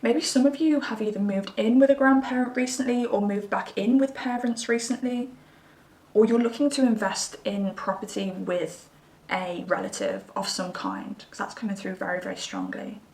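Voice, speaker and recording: A woman's voice: mid-range voice, steady tone, normal speed, a little mellow, distant mic. A chatty woman talks through a pick-a-card tarot reading, intuitive and reassuring in her delivery. Her voice sits a little back from the mic and rings in a roomy space. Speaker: tarot reader. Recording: roomy sound from away from the mic.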